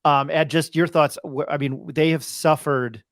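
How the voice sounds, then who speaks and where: The host of this sports podcast has a fairly high, steady voice and an unhurried pace, captured dry with clean studio sound. He chats casually, often restarting, dropping fillers, and listing game scores.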